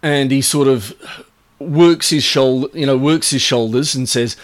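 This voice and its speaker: A male game master narrating a tabletop game. He rambles and halts as he sets the scene, in a plain mid-pitched voice. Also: measured pace. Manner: rambling, full of "uh" and restarts.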